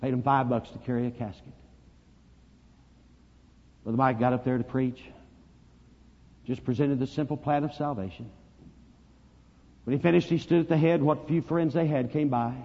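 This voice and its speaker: A man preaching a sermon, telling a story dramatically and swinging from hushed to loud. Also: medium pitch, steady tone, normal speed, pauses often. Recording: dull lo-fi recording, long reverb.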